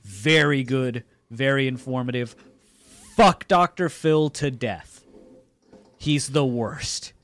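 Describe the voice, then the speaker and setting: A man's voice: mid-range voice, slow pace, fairly bright tone, dry recording. A man co-hosting a podcast in casual chat, blunt, opinionated and swearing freely. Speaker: podcast co-host.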